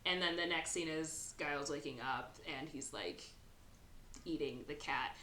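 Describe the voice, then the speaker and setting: A woman chats loosely through a movie plot, stringing it together with "like" and little acted-out quotes. Her voice is low for a woman and bright, with a roomy echo around it. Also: a little slow, slight background noise. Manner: rambling retelling with many fillers and acted quotes. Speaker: podcast host. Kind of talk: casual movie recap chat.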